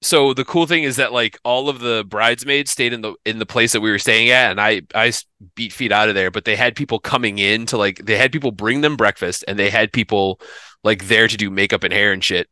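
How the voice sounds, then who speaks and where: A man's voice: fairly low pitch, fairly even intonation, fairly quick, bright, forceful tone, clear, resonant tone, no room sound. A man in his thirties from the Philadelphia area, telling a profane comic story on a podcast and laughing often. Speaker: podcast host. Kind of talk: casual comedic storytelling.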